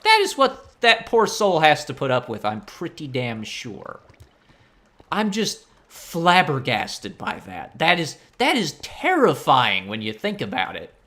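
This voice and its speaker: Bright, animated man ranting over gameplay. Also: on the high side, unhurried. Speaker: gaming channel host. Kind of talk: casual let's-play rant.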